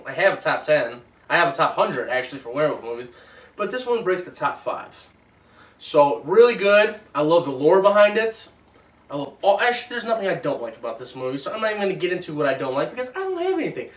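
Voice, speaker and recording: A man hosting a casual movie review chat, animated and teasing. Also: fairly high pitch, fast. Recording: roomy echo, mic at a distance.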